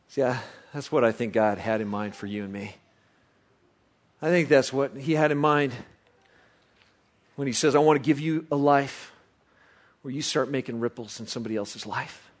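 A man preaching a sermon as pastor, telling a story with loud excited bursts that drop to quiet reflection. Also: medium pitch, moderate pace, pauses often. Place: church service.

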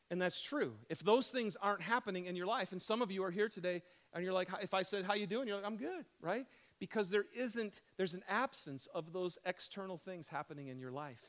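Animated high-voiced male preacher. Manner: animated, swings from loud excited questions to hushed emphasis; conversational, addresses crowd as "you guys". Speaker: pastor. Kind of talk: sermon.

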